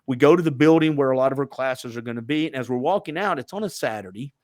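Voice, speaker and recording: A man's voice: mid-range voice, quick pace, a little mellow, no echo, studio quality. A middle-aged man hosting a podcast interview, telling stories in a chatty way with many fillers. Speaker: podcast host. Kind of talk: casual interview chat.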